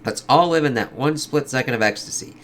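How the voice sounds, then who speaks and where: A man's voice: medium pitch, a little fast, a bit bright, a little hiss or hum, lightly acted. A man reading aloud the speech of a nihilistic male party instigator, in his plain voice. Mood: taunting.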